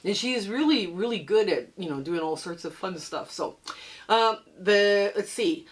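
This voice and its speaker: A woman's voice: mid-range voice, expressive, moderate pace. An older woman from Canada hosting a quilting channel, chatting casually and upbeat with frequent laughs, a bit under the weather and coughing. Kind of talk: casual tutorial chat to camera.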